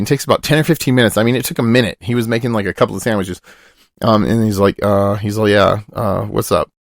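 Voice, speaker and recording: Young dude rambling thru a story, cusses a lot, gravelly voice, super dry close sound. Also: male voice, dry recording. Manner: rambling, profane, quotes people in lowered voices. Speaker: podcast host. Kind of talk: casual storytelling.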